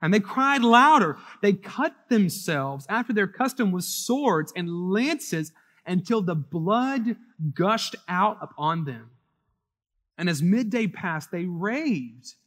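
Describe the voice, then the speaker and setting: A male pastor preaching a sermon, reading scripture aloud and explaining it, swinging between loud dramatic lines and hushed asides. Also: high voice, expressive, slow, in a large hall.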